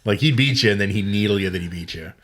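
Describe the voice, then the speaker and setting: He is a male podcast co-host with a fairly low voice. He chats in a loose, joking way. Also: quick pace, a bit bright. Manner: joking, chatty. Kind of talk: casual chat.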